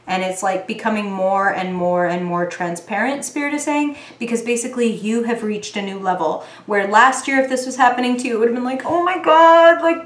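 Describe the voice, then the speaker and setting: Chatty woman reading tarot in a roomy space. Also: on the high side. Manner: chatty, filler-heavy, animated when quoting. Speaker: tarot reader. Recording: roomy echo.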